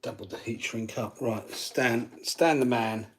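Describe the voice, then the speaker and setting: A man's voice: medium pitch, unhurried, a little hiss or hum. A man hosting a live stream, casually chatting and reading out viewer comments while he works on his gear. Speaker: channel host.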